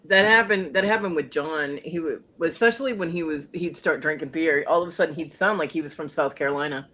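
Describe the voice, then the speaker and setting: Teasing man, slightly high voice. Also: fairly quick, highs cut off. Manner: teasing, joking, lively storytelling. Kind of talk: casual online livestream chat.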